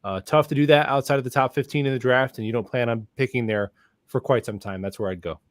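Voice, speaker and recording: Panelist, male, medium pitch, dry close sound, thoughtful. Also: steady tone, fast talker, no room sound. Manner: thoughtful, explains at length. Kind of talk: casual chat.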